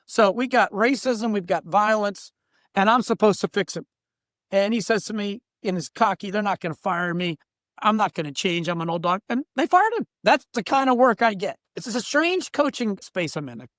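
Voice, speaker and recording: With a high, lively voice and a fairly bright tone, this middle-aged workplace coach and diversity trainer talks at a fairly quick clip. He's being interviewed for a podcast, telling blunt stories and voicing the people in them. The audio is studio quality without any echo.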